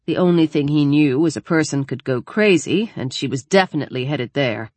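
A woman narrating an audiobook in an even, measured storytelling manner. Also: low-pitched, dry recording. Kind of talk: scripted narration.

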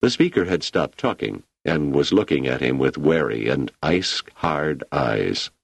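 Very deep, gravelly male narrator. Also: animated, unhurried, no room sound. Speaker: audiobook narrator. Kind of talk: scripted narration.

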